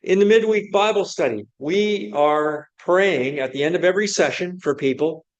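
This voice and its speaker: A man's voice: a little high, moderate pace, highs cut off. A man preaching a sermon, asking many rhetorical questions in an earnest, searching way.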